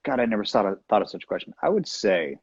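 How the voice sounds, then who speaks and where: A man chatting as a guest over a video call, playful and joking, with quick asides. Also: fairly low pitch, sing-song, vocal fry, husky, muffled recording. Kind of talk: casual chat.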